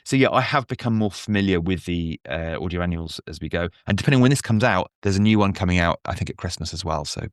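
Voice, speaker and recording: A man's voice: low-pitched, lively intonation, quick pace, few pauses, smooth, no room sound, studio quality. A man guest on a podcast, chatting casually with rambling, self-mocking asides. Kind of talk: casual chat.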